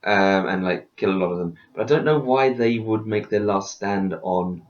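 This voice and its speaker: A man's voice: lowish voice, moderate pace, muffled recording. A man chatting casually about a film, making dry, wry remarks. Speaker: co-host reviewing a film. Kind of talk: casual chat.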